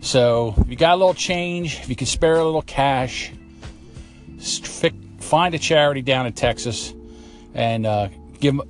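A man hosting a talk show, delivering a blunt, profane, opinionated monologue with a ranting manner. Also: medium pitch. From United States. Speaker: commentary show host.

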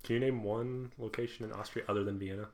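Male podcast host, low voice, laughs a lot, ribs his friends while recapping a film; faint noise behind. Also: fairly even intonation, fast, a little mellow. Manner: laughs often, teases co-hosts. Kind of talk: casual movie recap chat.

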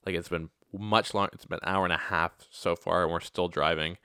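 Brief: deep-voiced man, chatty storyteller, dry close sound. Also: steady tone, brisk, pushed and bright, clean tone, no echo. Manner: rambling, self-correcting anecdote with asides. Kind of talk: casual personal storytelling.

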